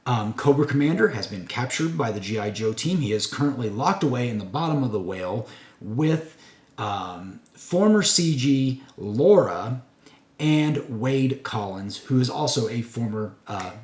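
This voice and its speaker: A man's voice: medium pitch, expressive, unhurried, a little mellow. Guy rambling thru a comic review at his desk, lots of ums, roomy echo. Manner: chatty, rambling with fillers and self-corrections. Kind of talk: casual video review. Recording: echoey room.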